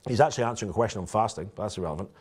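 A man's voice: lowish voice, rapid-fire, husky. A man, a pastor, preaching a conversational sermon and telling stories directly to his congregation. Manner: storytelling, lively and direct, addresses the congregation.

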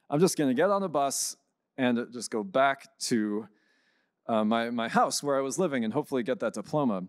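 A man, a priest, giving a conference talk and telling a story, lively and acting out the people he quotes. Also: medium pitch, moderate pace, clean tone, no echo, studio quality. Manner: animated storyteller, acts out quoted voices.

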